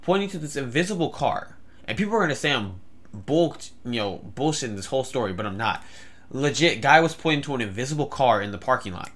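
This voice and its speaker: A man's voice: mid-range voice, expressive, fast talker, a bit bright. A young man telling a story in a rambling vlog, with many fillers and stammered restarts. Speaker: vlogger.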